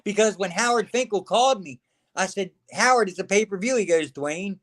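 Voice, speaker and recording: A man's voice: sits high, fairly quick. A middle-aged man, a former wrestler, telling career stories in a casual interview, acting out the quotes of others and often calling the listener man or brother. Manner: animated storyteller acting out quotes, says man and brother a lot.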